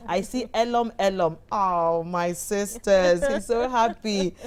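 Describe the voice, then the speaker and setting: A woman's voice: mid-range voice, slow pace, clear, resonant tone. A woman with a Ghanaian English accent hosting a live TV talk show, chatty and bubbly as she reads out viewer comments. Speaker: TV show host.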